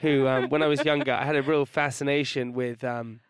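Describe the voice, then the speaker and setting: A young man, a podcast guest telling a story in casual chat, with halting restarts and laughter. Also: medium pitch, fairly even intonation, clear, resonant tone, no echo, studio quality.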